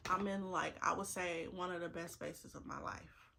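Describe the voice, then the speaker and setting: Getting ready in front of the camera, a woman in her twenties chats sincerely, repeats herself for emphasis and struggles not to cry. She speaks at a moderate pace in a fairly low, gravelly voice with fairly even intonation, with background noise present.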